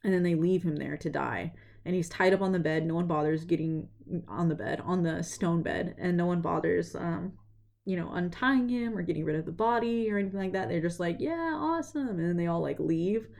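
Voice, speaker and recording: A woman's voice: lowish voice, fairly quick, vocal fry, darkish tone. A woman casually retelling a story in a rambling way, leaning on "like" and "you know", earnest and reflective. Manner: chatty, rambling, heavy use of "like" and "you know".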